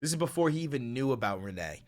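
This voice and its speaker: A man's voice: medium pitch, sing-song, quick pace. A man hosting his own channel, reacting to clips in a heated, profane and casual way. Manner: heated, profane, swings in loudness. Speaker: commentator and host.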